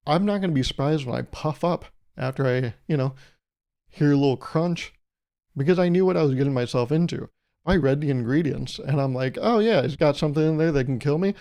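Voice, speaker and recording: Mellow-voiced man riffing jokily. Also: mid-range voice, creaky. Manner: rambling, jokey, laughs at own jokes. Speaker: podcast host. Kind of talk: solo comedic podcast monologue.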